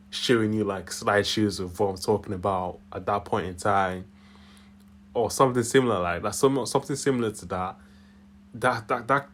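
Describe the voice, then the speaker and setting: There's a little hiss or hum behind this young man's fairly low voice as he chats on his channel from his room. Speaking with a Yorkshire accent tinged by Nigerian, he rambles through solo commentary and laughs frequently.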